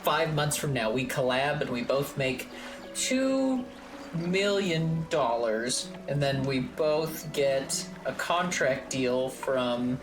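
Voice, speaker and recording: Woman streamer, low voice, rambling casual chat, swears, music under. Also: slow pace, few pauses. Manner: chatty and rambling, swears freely. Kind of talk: casual chat while gaming. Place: home streaming room.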